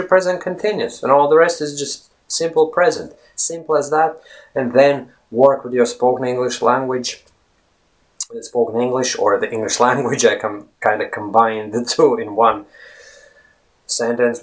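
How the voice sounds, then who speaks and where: A man giving a casual English lesson, talking straight to viewers as friends and rephrasing his points as he goes. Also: medium pitch. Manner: chatty, repeats and rephrases points. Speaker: English teacher. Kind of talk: casual teaching monologue.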